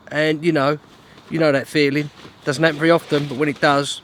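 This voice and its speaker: A man's voice: fairly high pitch, level tone, a little fast, slight background noise. A man talking to camera while fishing outdoors, chatty and self-mocking, with grumbling asides. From Britain. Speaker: fishing vlogger. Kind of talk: casual vlog to camera. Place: outdoors at a lake in wind and rain.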